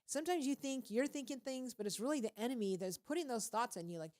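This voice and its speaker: A woman's voice: on the high side, expressive, fast, hardly any pauses, darkish tone. A woman hosting a radio show, talking casually and preachily at a studio microphone with a lot of animation and frequent laughter. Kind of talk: casual faith-based radio talk.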